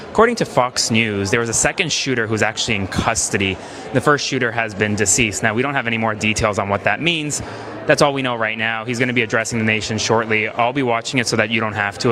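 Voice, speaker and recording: A man gives a brisk breaking news update, talking fast in a lower voice. A crowd murmurs behind him outdoors. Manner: brisk, informative. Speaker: news reporter. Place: outdoors in a city, locked down nearby.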